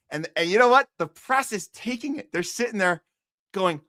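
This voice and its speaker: A man's voice: sits high, expressive, moderate pace, sharp tone, dry recording, clean studio sound. A man hosting a podcast, giving heated, profane and sarcastic political commentary that often repeats itself. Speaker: podcast host.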